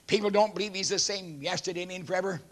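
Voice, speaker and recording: A man in his seventies, a pastor preaching a sermon emphatically and clearing his throat often. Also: sits high, a bit bright. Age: 70s.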